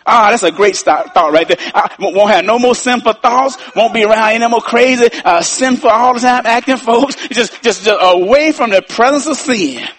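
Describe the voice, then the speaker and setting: A man preaching a sermon, repeating key lines, tossing in folksy asides and building up to shouts. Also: very high voice, moderate pace, hardly any pauses.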